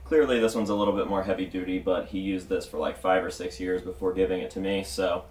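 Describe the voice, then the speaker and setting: A man's voice: deep voice, fairly even intonation, fast, darkish tone. A man hosting a casual unboxing vlog as a mask collector, laid-back and profane, with a jokey, self-mocking way of talking. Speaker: mask collector and channel host. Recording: roomy echo, mic at a distance, faint noise.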